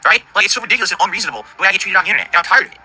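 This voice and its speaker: A middle-aged man livestreaming, ranting in an indignant, profane, rapid-fire way about his audience and the games industry. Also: high-pitched, animated, sharp tone, breathy edge, poor audio. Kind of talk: angry stream rant.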